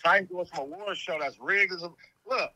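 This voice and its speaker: A man's voice: high voice, brisk, sharp tone, poor audio. A man calling in to a livestream, bantering and laughing. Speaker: call-in guest. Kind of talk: casual phone-in chat.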